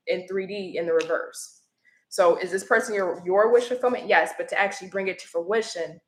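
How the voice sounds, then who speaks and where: A woman's voice: on the low side, a bit bright, echoey room, low-quality recording. A woman giving a live-stream tarot reading, earnest and emotional, with apologetic asides. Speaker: tarot reader.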